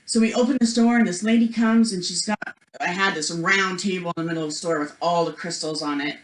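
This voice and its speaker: A woman's voice: lowish voice, steady tone, quick pace. A woman presenting a spiritual workshop, telling a personal story in a chatty way, full of "like" and "you know", acting out the voices of the people in it. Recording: echoey room.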